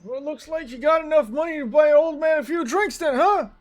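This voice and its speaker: A man's voice: extremely high pitch, quick pace, voice pushed up. A man voicing a chatty, teasing old male turtle in a tabletop game. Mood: cheeky. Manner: teasing, cheeky.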